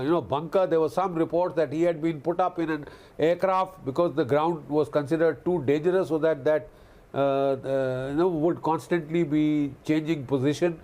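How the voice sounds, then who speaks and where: A man's voice: on the high side, dark tone. A man giving impassioned commentary on a news broadcast, indignant and lecturing, often repeating phrases for emphasis. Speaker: guest commentator on a news channel.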